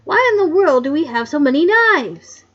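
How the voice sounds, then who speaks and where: A woman's voice: sits high, sing-song, moderate pace, lo-fi sound, pitched above the performer's own voice. A woman playing a grumpy old coroner man. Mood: gruff.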